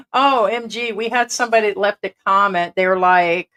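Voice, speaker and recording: Streaming live from her home, this middle-aged American host rambles, speaks bluntly, and swears offhandedly. Her voice is medium-pitched and fairly bright, and she talks at a moderate pace.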